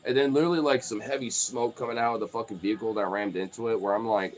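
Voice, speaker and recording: A man's voice: fairly low pitch, fast, few pauses, darkish tone, soft background music. Profane, rambling young man. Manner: rambling, profane, many "like" fillers. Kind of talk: casual storytelling.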